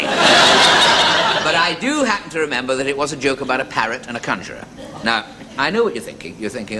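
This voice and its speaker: A man tells a long joke on radio, his pitch rising and falling as he goes, and he drops wry asides along the way. Loud hiss runs under the broadcast. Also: animated, a little fast. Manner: wry, dry asides, puts on voices for the characters. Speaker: comedian telling a joke on radio. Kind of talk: stand-up storytelling before a live audience.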